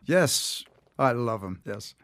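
A man who narrates audiobooks, talking in an interview as an enthusiastic, animated storyteller. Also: medium pitch, takes it slowly, no echo. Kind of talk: interview conversation.

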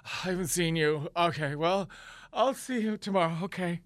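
A man's voice: sits high, normal speed, no room sound, close to an everyday voice. A man mocking a lonely rich woman in a melodramatic, sighing voice. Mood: mock lament. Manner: mock-dramatic sighing. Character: lonely rich woman, theatrically self-pitying.

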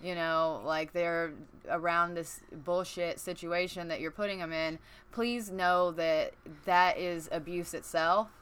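Woman with a smooth, lowish voice. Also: fairly even intonation, unhurried, a bit bright. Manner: earnest, gives direct advice. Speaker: podcast co-host. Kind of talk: casual chat.

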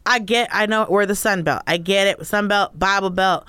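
A woman comedian chats as a guest, giggly and rambling with plenty of fillers. Her voice is smooth and clear. The sound is dry, with no room in it. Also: mid-range voice, normal speed, a bit bright, dry recording. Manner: chatty and giggly, full of fillers. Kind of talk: casual chat.

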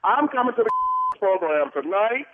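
A man's voice: high voice, sing-song, moderate pace, noisy background. A man arguing on a phone call, indignant, defiant and theatrical. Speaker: prank call target. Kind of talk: heated phone argument. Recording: tinny phone line.

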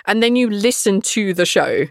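A woman in casual podcast chat about her tabletop game, blunt and quick to laugh, cursing without a second thought. Her voice sits at an everyday middle pitch. It comes through close and dry, with no room sound at all. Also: animated, gravelly, no echo. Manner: frank, swears freely, laughs often. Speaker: dungeon master.

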